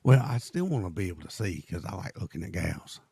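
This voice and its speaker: Casting: husky, gravelly man, lowish voice, playful drawl, dry close mic. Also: animated, fairly quick, dark tone, dry recording. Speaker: roleplay character. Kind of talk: in-character roleplay chat.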